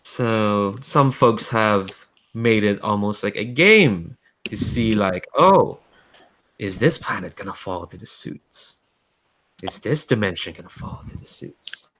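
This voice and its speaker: A man's voice: on the low side, expressive, takes it slowly, fairly bright tone. A man voicing a bored, mocking being from another dimension, talking in an amused, condescending way.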